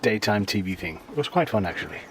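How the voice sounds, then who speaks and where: A man's voice: lowish voice, animated, fast, slightly rough. A man co-hosting a casual podcast with dry, wry humor. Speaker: podcast co-host.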